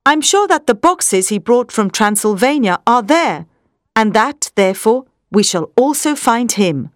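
Woman voicing a sure, earnest young solicitor, lively pitch. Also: measured pace, no room sound, clean studio sound.

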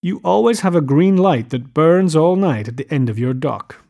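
A man's voice: fairly high pitch, lively intonation, normal speed, gravelly, warm tone. A man voicing a giddy, wealthy young man showing off his house in an audiobook reading. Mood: wistful.

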